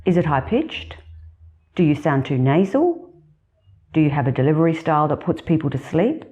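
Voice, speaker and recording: A woman with an Australian accent, a career specialist giving measured, deliberate advice in a scripted talk to camera. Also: low voice, animated, mellow.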